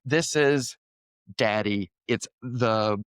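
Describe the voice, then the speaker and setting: A man's voice: medium pitch, drawn-out words, clean tone, no echo, clean studio sound. A young man co-hosting a conversational Bible study podcast, speaking in an earnest, thoughtful way and laughing easily. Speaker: podcast co-host.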